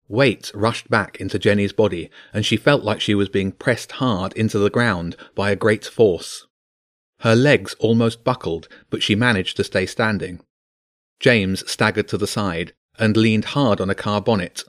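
A man's voice: on the low side, no room sound, clean studio sound. A man narrating a children's fantasy book, voicing each character. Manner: expressive, voices each character.

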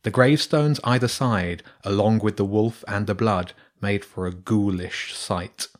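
Man reading a kids' story, low voice, slow and steady. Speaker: narrator.

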